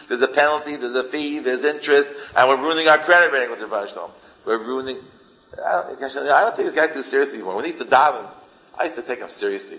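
A man's voice: medium pitch, fairly bright tone, poor audio. A man giving an informal Torah lecture as a rabbi, emphatic and repeating phrases for effect. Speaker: rabbi teaching a class.

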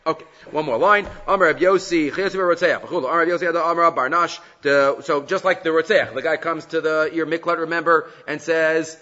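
Man, Talmud lecture, bright forceful voice, long hall reverb, dull muffled sound. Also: on the high side, brisk, hardly any pauses. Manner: animated, acts out quoted speakers, mixes Hebrew and Aramaic terms. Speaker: Talmud teacher.

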